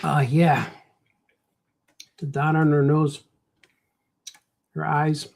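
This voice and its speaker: Rambling Chicago cartoonist. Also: male voice, a little high, flat delivery, extremely slow, vocal fry, noisy background. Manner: rambling, talks to himself, says "man" a lot. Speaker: cartoonist streaming while drawing. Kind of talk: casual livestream chat while drawing.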